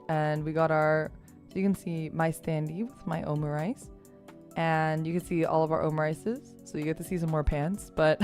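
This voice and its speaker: A woman streamer telling a story in casual chat, animated and laughing often, with lots of "like" and fillers. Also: on the low side.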